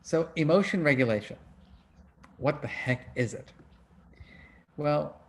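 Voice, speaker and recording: A man's voice: a little high, a little slow. A middle-aged man hosting an online book club over a video call, teaching in a casual, conversational way and asking his audience questions. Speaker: book club host and emotion researcher.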